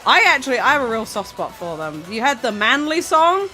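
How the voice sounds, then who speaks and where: A woman's voice: fairly high pitch, very animated, brisk, bright, forceful tone. A woman streamer chatting casually, rambling and giggling, with frequent stammering restarts. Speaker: VTuber streamer. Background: faint background music.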